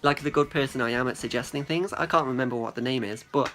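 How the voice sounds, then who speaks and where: A man's voice: mid-range voice, fairly bright tone. Chatty young man, faint music behind. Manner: chatty and profane, quick to act out quotes. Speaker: vlogger addressing a friend. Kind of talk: rambling casual monologue.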